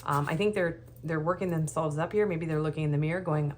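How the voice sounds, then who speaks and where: A nervous woman reading tarot cards in a loose, rambling way, full of ums and small restarts. Her voice sits on the lower side, with a faint hum behind her. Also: moderate pace. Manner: rambling, hesitant, with many ums and soft laughs. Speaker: tarot reader. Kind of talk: casual tarot reading monologue.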